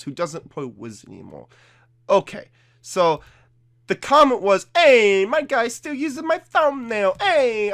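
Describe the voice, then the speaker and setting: A man's voice: a little high, fairly bright tone. A young man giving casual, defensive video commentary, chatty and full of fillers. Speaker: YouTuber.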